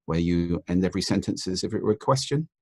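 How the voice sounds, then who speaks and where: Deep gravelly guy explaining stuff slowly in an interview, husky edge, dry close sound. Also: warm tone, dry recording. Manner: measured, explanatory, demonstrates intonation with his voice. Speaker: guest expert on speaking. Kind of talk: podcast interview.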